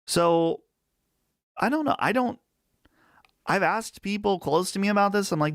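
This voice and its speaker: A man's voice: high voice, animated, normal speed, long pauses, fairly bright tone, dry recording. A man with a Western Pennsylvania accent hosting a casual live chat stream, chatty and rambling on a close mic. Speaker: livestream host.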